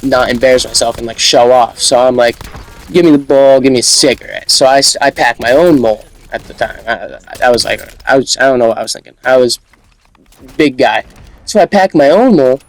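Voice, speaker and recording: A man's voice: medium pitch, brisk, low-quality recording. Rambling young man telling a story. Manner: rambling, repeats words and restarts, slangy. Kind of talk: casual storytime monologue.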